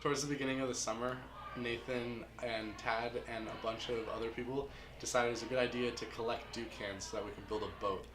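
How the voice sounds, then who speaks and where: Camp staffer, man, brisk narration, echoey room, background noise. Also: mid-range voice, fairly even intonation. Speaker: summer camp staff member. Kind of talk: casual storytelling to camera.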